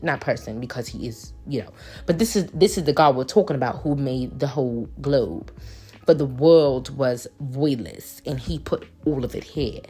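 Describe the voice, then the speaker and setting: A woman's voice: low-pitched, darkish tone. A woman talking casually in a put-on British accent, rambling with lots of fillers as she does a nail tutorial. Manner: rambling, filler-heavy, preachy asides. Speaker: nail artist.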